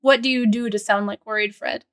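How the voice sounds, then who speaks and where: A woman's voice: mid-range voice, fairly even intonation, brisk, a bit bright. A woman running a tabletop game as game master, narrating casually with frequent fillers.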